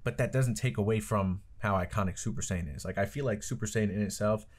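A man's voice: fairly low pitch, a little fast. A man hosting an anime reaction video, talking casually in a rambling, profane way, heavy on "like" and "I don't know.". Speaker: anime reaction channel host.

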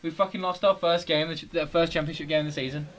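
A man in his twenties with a British accent, commenting live on his own football video game, swearing a lot and swinging from mutters to yells. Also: on the high side, steady tone, fast talker, slight background noise. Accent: British English. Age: 20s. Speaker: gaming streamer.

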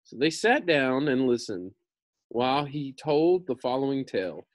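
A man's voice: mid-range voice, very animated, unhurried, dry recording. Casual man reading a storybook aloud. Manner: casual asides with slang. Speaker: storybook reader. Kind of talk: reading a children's book aloud.

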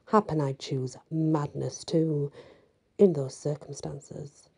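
Husky, dark-toned woman telling a story. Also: deep voice, steady tone, slow pace. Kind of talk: storybook reading.

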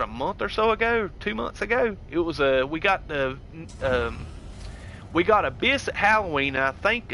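A man with a Southern US twang, talking in a bright, fairly high voice. He chats laid-back and friendly, tossing in "dude" and "heck yeah" as he streams a game. His talk stays relaxed and conversational. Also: a little hiss or hum. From United States. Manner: laid-back and chatty, drawling "heck yeah" and "dude", reads chat aloud. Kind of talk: casual live-stream gaming chat.

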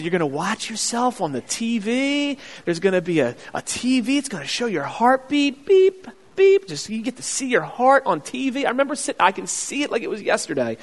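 A man preaching a sermon as pastor, telling a childhood story with acted-out voices and loud excited bursts. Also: high voice, big-room sound. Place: church sanctuary.

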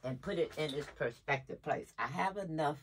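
A woman's voice: low-pitched, animated, normal speed, slightly rough. An older woman, a great-grandmother, chatting casually to her viewers at home, emotional and jumping from topic to topic. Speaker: vlogger. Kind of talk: casual rambling chat. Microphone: camera nearby.

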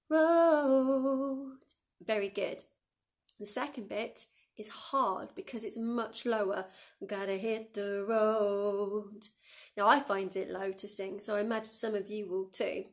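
A woman's voice: mid-range voice, a bit bright. A woman, a school music teacher recording a lesson for her pupils, who counts them in and sings the lines to show how they go. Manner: encouraging, counts pupils in and demonstrates by singing. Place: dim room.

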